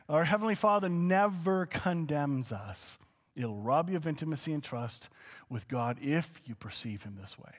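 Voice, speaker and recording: A man with a fairly high voice delivers a conversational teaching sermon. He talks casually, sliding between quiet asides and bursts of excitement. His voice carries a long hall reverb. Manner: animated, conversational, swings between soft asides and excited exclamations. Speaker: pastor.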